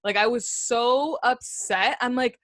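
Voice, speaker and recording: A woman's voice: a little high, takes it slowly, fairly bright tone, no room sound. A young woman co-hosting a podcast, telling a story in casual chat, heated and swearing freely. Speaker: podcast co-host.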